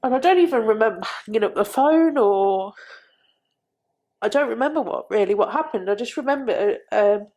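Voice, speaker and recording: A middle-aged woman recounting a painful personal story as a podcast guest, halting and repeating herself. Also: fairly high pitch, expressive. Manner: halting, repeats phrases, quiet.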